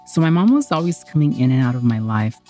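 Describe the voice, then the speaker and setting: A woman's voice: a bass voice, big pitch swings, fast, warm tone, soft background music. A woman telling a personal story in a candid, heartfelt, conversational way.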